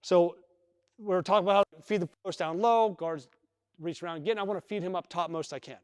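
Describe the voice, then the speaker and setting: A man's voice: high-pitched, brisk, clean tone, studio quality. A man coaching basketball at a live clinic, talking through drills and repeating himself as he demonstrates with players. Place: large indoor gym. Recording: long reverb in a gym hall.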